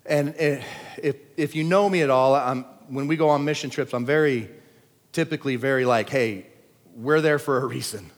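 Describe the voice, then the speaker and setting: A man preaching a sermon at a church service, talking in casual slang and swinging between shouting and quiet asides. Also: medium pitch, moderate pace. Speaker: pastor. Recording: long church hall reverb.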